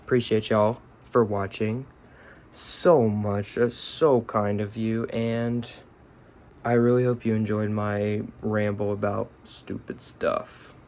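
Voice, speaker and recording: A man's voice: fairly low pitch, flat delivery, takes it slowly, a little mellow, slight background noise. A young man vlogging from his bunk, rambling in a laid-back, slangy way. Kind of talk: casual rambling chat. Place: bunk bed area indoors.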